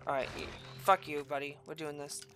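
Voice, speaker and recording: A woman giving gameplay commentary, yelling and swearing at the game, with sarcastic asides between outbursts. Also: low-pitched, level tone, brisk, over music. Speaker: gaming channel host.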